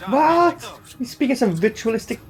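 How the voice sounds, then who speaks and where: Man, reaction commentary, excitable, lots of swearing, very lively pitch, faint music behind. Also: normal speed. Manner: excitable, swears freely, fills with "like" and "you know what I mean". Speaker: reaction video host.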